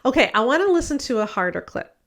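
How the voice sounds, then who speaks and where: A woman's voice: high voice, sing-song, fast talker, a bit bright. Earnest woman hosting a podcast. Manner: earnest, critical commentary. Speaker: podcast host. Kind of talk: casual podcast discussion.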